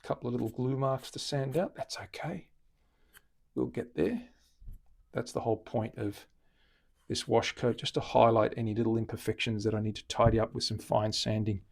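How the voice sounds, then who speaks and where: Gravelly Australian luthier talking shop. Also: male voice, medium pitch, normal speed. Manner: relaxed, chatty, explains while working. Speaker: luthier host. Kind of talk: casual live-stream demonstration.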